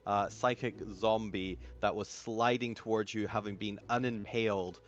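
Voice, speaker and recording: Low-voiced man running a tabletop game. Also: steady tone, highs cut off. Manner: halting, lots of fillers while describing. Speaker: game master.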